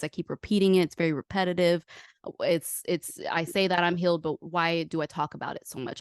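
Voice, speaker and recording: A woman with a low, smooth voice hosts a podcast, recorded dry and at studio quality. She tells personal stories openly and with lots of animation, acting out the voices of other people as she quotes them.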